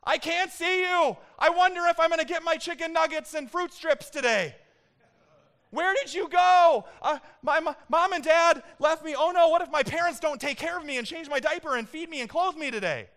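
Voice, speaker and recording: A man doing the voice of a two-year-old boy, high-pitched and squeaky, with exaggerated whiny wailing. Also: normal speed, a bit bright. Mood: panicked, whiny.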